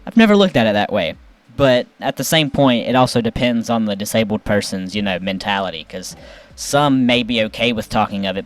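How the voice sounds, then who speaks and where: Playful man reacting to memes, dry sound. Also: no echo. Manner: playful, with sudden upward pitch jumps. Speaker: YouTube meme reviewer. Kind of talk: casual meme reaction commentary.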